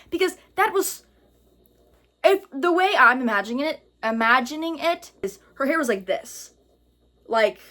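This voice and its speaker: Woman, fairly high voice, casual commentary, reading a post aloud, chatty, expressive asides. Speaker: content creator reading and reacting to online stories.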